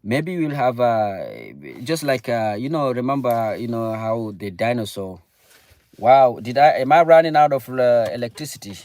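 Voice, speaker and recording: Young male streamer, mid-pitched, loose rambling chat, dry close sound. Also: moderate pace, darkish tone, no echo. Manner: rambling, greets chat viewers mid-thought. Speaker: livestream host. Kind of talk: casual live-stream chat. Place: in or near his car.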